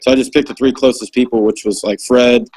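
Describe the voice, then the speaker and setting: Male veteran, loose profane storyteller, mid-pitch voice, casual chat. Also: steady tone, brisk, darkish tone, low-quality recording. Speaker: former Marine corporal, guest.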